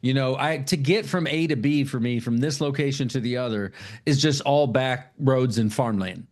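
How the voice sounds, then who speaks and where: A man's voice: mid-range voice, moderate pace, darkish tone. A middle-aged man, tired from little sleep, co-hosting a podcast in loose, rambling chat full of swearing. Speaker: podcast co-host. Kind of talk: casual chat.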